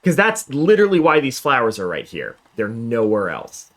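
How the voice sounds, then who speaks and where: A man's voice: medium pitch, wildly swooping pitch, normal speed. A male gaming streamer chatting casually through a let's play, self-mocking and upbeat.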